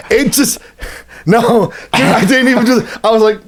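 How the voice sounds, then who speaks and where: A man's voice: extremely high pitch, a little hiss or hum. A man co-hosting a casual podcast, telling an anecdote with lots of laughter and acted-out quotes. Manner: animated, laughs often, acts out quotes. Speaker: podcast co-host. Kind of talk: casual storytelling chat. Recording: studio podcast mic.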